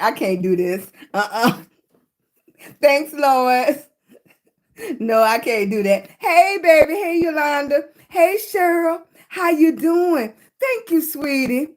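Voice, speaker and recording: High-voiced breathless woman livestreaming. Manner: laughs often, greets viewers by name, breathy between phrases. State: short of breath. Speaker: livestream host. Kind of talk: casual livestream chat with viewers.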